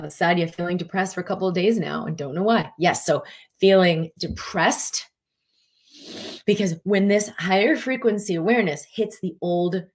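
Lowish woman coaching with animated quoted asides. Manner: voices inner thoughts in quoted asides, often rising sharply in pitch. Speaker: spiritual coach answering viewer questions. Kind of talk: casual teaching talk.

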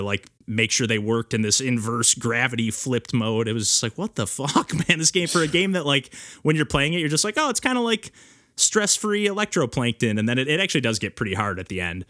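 A man's voice: mid-range voice, fast talker, hardly any pauses, bright, forceful tone, no echo, studio quality. A man hosting a casual podcast chat, telling stories animatedly with lots of filler words. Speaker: podcast host and streamer.

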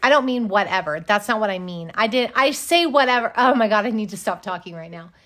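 A woman's voice: medium pitch, animated, fairly quick, a bit bright. A middle-aged woman from Wyoming co-hosting a casual chat, telling stories with sarcasm and swearing freely. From Wyoming, United States. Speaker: podcast co-host.

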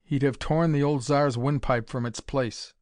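A man's voice: medium pitch, steady tone, unhurried, darkish tone, no echo, studio quality. Man narrating a dramatic pulp story.

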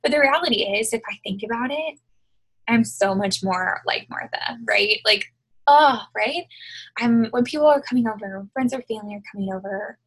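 Brief: woman, husky-breathy, mid-pitched, chatty devotional talk on a home video call. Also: fairly quick, a bit bright, poor audio. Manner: conversational, frequent fillers and tag questions. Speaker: devotional speaker. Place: her living room at home.

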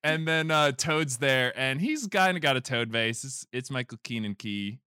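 A man's voice: mid-range voice, normal speed, clean tone, dry recording, studio quality. A man chatting casually on a podcast, swearing and acting out scenes. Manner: animated, swears, jumps into loud impressions. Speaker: podcast host. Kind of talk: casual chat, retelling a movie trailer.

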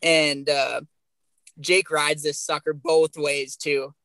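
A young man tells his stories with real energy, swearing all the way through. His voice sits a bit high and sounds bright and sharp. The recording is dry and close. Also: slow pace, no echo, poor audio. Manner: animated, swears constantly. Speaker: guest, pro bull rider. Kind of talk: profane storytelling on a podcast.

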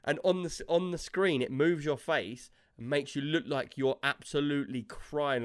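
A man hosting a gaming podcast, telling stories in an animated way and laughing often. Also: on the high side, normal speed. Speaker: podcast host. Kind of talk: casual chat.

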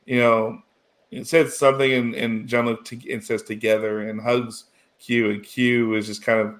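A man's voice: medium pitch, little pitch movement, moderate pace, fairly bright tone. Rambling man in casual chat. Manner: rambling, full of "you know" and restarts, emotional. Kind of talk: casual chat recapping a TV episode.

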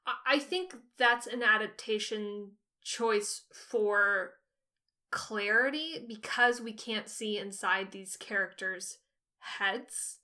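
A woman's voice: medium pitch, takes it slowly. A woman co-hosting a casual book discussion podcast, reading dialogue aloud with feeling. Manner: expressive, reads dialogue with feeling. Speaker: podcast co-host.

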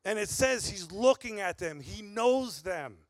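A man's voice: high-pitched, animated, measured pace, no room sound. A man preaching a sermon in an earnest, emphatic way, repeating key phrases for weight. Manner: earnest, emphatic, with heavy repetition.

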